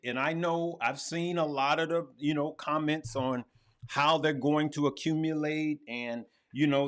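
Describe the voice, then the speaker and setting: A man hosting a live stream on crypto, talking straight to his viewers and repeating his points. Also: on the high side. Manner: animated, talks to viewers as "good people", often repeats himself. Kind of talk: casual live-stream commentary.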